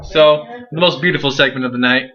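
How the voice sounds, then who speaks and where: A young man co-hosting a casual wrestling review, telling stories in an excitable, jokey way. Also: mid-range voice, brisk, very noisy. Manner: excitable, jokey storytelling with acted asides. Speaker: co-host, divas correspondent. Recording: lo-fi home recording.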